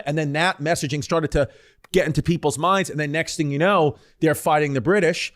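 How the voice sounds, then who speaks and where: A man with a slightly high voice riffs through a history story in loose, profane chat. He rambles and restarts as he goes, hosting a casual podcast. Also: fairly even intonation, a little fast, fairly bright tone. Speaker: podcast co-host.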